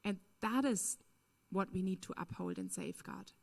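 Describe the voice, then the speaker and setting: A woman's voice: mid-range voice, moderate pace, vocal fry. A woman speaks at a conference with a mid-range voice. She answers a question earnestly and emphatically. Her talk is full of "um" and "you know". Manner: earnest, emphatic, frequent fillers. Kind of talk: lecture Q&A answer.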